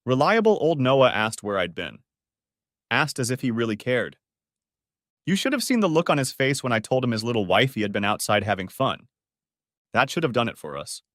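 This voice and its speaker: A man narrating a dramatic first-person story in an expressive storytelling manner. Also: mid-range voice, moderate pace, no room sound, clean studio sound. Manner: expressive, switching between characters' first-person accounts.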